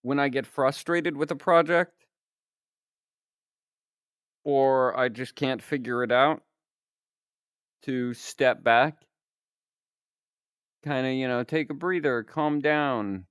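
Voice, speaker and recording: A man's voice: mid-range voice, slow pace, long pauses, fairly bright tone, clear, resonant tone, no echo, clean studio sound. A young man streaming, telling a rambling story in casual chat and laughing often.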